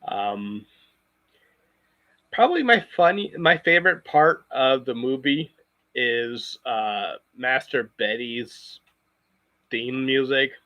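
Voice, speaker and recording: A man's voice: mid-range voice, expressive, slow pace, long pauses, no echo, dull audio. A man chatting casually on a live stream, rambling and circling back with frequent restarts. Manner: rambling, full of fillers and restarts.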